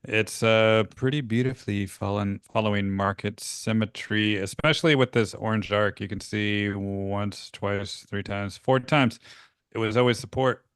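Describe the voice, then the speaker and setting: A man with a lowish, smooth and clear voice walks through a stock chart over a video call. He sounds laid-back and casual, tossing in "right?" as he goes. The sound is dry and close, with almost no room around it. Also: unhurried, dry recording. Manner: laid-back, laughs easily, says "right?" often.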